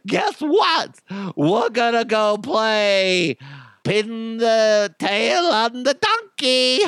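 A man doing a high, giggling voice of a creepy taunting clown on a podcast. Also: very animated, drawn-out words, fairly bright tone, clear, resonant tone, no room sound, heavily acted.

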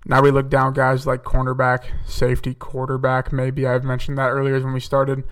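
A young man chats his way through football picks in a level, even tone, pausing on fillers and correcting himself as he goes. His voice is smooth and clear but sits a little back from the microphone. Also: mid-range voice, far from the mic. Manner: chatty, thinks aloud with fillers and self-corrections. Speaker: podcast host. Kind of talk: casual solo mock-draft commentary.

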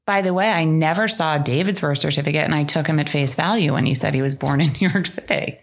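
Middle-aged woman podcast host, casual chat, animated storyteller, hams up a fake british accent. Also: deep voice, fast talker, creaky.

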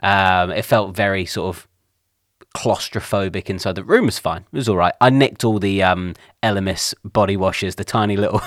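Low-voiced man, dry close mic. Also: moderate pace, dry recording. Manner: rambling storyteller, acts out others' lines. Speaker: podcast co-host. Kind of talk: casual chat.

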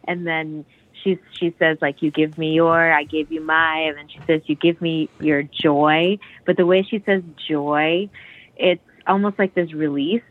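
A woman's voice: low voice, fairly even intonation, moderate pace, dry recording, narrow, tinny audio. A woman gushing about a song in casual podcast chat, rambling with lots of "like"s and restarts.

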